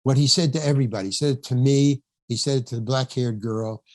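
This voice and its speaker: A man's voice: mid-range voice, quick pace, a little mellow, dry recording. An older man, an actor, telling a rambling backstage story in a podcast interview, acting out the quotes, laughing often and swearing now and then. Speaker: actor guest.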